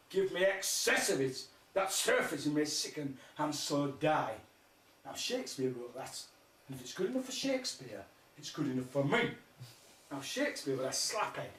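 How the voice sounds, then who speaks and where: A man's voice: high-pitched, fairly bright tone. A man doing rambling surreal stand-up, firing crude absurd one-liners and laughing at his own jokes. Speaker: stand-up comedian. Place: live music festival stage. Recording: echoey, distant mic, faint noise.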